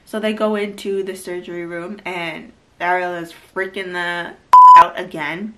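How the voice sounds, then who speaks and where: A woman chatting casually as she recaps a reality show, full of "like" and quick to laugh. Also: on the low side, level tone, pushed and bright. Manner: chatty, lots of "like", laughs easily.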